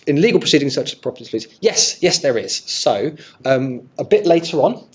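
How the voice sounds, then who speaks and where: A man's voice: medium pitch, very animated, brisk, slightly rough. A man presenting an illustrated history talk to an audience, friendly and thinking aloud with restarts. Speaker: archive presenter giving a talk. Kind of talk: illustrated lecture with audience questions. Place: room with a live audience. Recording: dull lo-fi sound.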